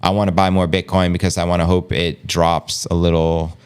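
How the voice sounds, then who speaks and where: A man with a very low, clear, smooth voice hosts a laid-back livestream. He talks in slang, jokes freely and reads out chat messages as he goes. His tone stays easygoing and conversational throughout. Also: flat delivery, fairly quick. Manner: slangy and joking, reading out chat. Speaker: crypto livestream host.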